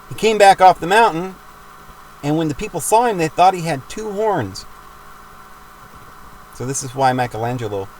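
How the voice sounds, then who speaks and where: A man's voice: medium pitch, a little mellow, slight background noise, rough recording. A man giving a rambling, emphatic religious monologue for his videos, with frequent restarts. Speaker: video maker.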